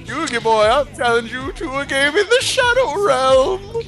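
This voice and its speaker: A man's voice: extremely high pitch, lively intonation, unhurried, pushed and bright, faint music behind, pitched above the performer's own voice, heavily acted. A man playing a flamboyant, theatrical card-game villain issuing a challenge.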